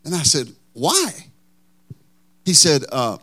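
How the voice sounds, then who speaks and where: A man's voice: mid-range voice, animated, moderate pace, fairly bright tone. A man preaching a sermon as pastor, telling a folksy, joking story.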